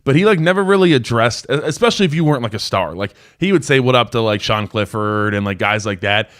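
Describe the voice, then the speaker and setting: A man's voice: medium pitch, expressive, fast, a bit bright. A man in his twenties, a former college football player, hosting a live call-in sports show in a loose, casual way with lots of fillers. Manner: casual, rambling storyteller with many fillers.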